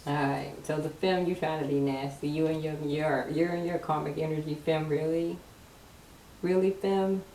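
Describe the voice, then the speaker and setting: A woman's voice: low-pitched, fairly even intonation, moderate pace, dark tone. Teasing woman reading tarot, echoey. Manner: chatty, teasing the cards, laughs often. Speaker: tarot card reader. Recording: echoey room, mic at a distance, faint noise.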